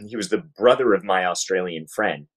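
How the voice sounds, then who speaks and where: A man hosting a podcast who talks in a measured, reflective way and steers the conversation. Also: deep voice, slightly rough, poor audio. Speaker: podcast host. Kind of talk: casual chat.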